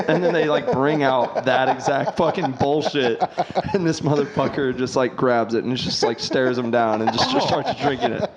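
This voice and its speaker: Podcast co-host, male, mid pitch; crude, animated storyteller; noisy recording. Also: moderate pace. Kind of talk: casual chat.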